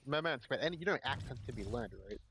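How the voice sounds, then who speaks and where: A man's voice: mid-range voice, animated, quick pace, pushed and bright. A man on a voice chat, rambling, swearing and stumbling over his words. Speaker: stream guest on voice chat. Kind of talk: casual voice chat. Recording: dull lo-fi with faint noise.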